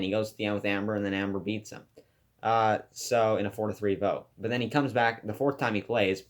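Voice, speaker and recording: A man giving a casual, enthusiastic class presentation about a TV show he loves, rambling with fillers and restarts. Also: on the low side. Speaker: student presenter.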